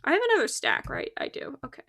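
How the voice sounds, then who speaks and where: A woman's voice: quick pace, bright, forceful tone. A young woman chatting casually as she plays a game on a live stream, talkative and laughing often at her own remarks. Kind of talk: casual chat while playing a game.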